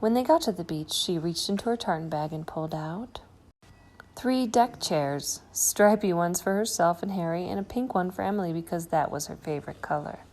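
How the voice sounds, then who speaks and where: A woman reading a children's storybook aloud, expressive and slowing for effect. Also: lowish voice. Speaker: storybook reader. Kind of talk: children's book read-aloud.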